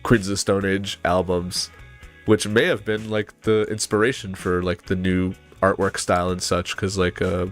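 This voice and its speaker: Rambling low-voiced man chatting about music. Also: flat delivery, moderate pace. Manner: rambling, filler-heavy, mouths bass riffs aloud. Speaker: podcast panelist. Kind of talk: casual chat about music.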